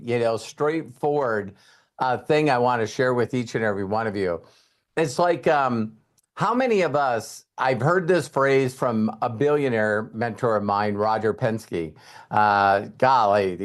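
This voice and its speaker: A man of middle pitch giving a casual live talk to his viewers over a webcam. He rambles, piles up fillers and laughs, and gets animated as he tells stories. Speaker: host.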